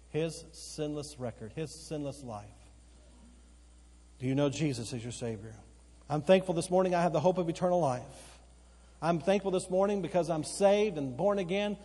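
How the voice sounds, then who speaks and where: A male pastor preaching a sermon, swinging between loud emphatic outbursts and slow, quiet, earnest stretches, repeating phrases for emphasis. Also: fairly high pitch, husky. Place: church sanctuary. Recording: long church hall reverb. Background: occasional congregation responses.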